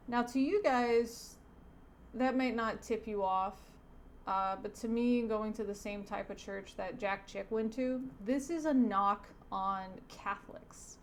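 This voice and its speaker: A woman, a teacher by trade, reading a comic aloud in casual commentary, with wry asides and sentences that wander off and trail away softly. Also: medium pitch, unhurried. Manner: digressive, self-correcting, trails off softly. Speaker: teacher reviewing a comic on her channel.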